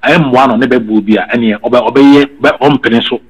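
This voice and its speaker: Husky Ghanaian man chatting. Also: medium pitch, steady tone, a little slow, low-quality recording. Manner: mixes Twi and English, repeats words. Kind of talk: casual chat. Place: living abroad in England.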